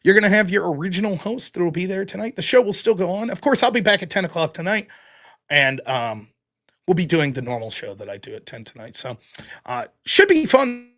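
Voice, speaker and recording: A man's voice: sits high, big pitch swings, a little fast, fairly bright tone. A man hosting his own live stream, talking casually to his audience in a blunt, rambling way with some mild profanity. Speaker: livestream show host.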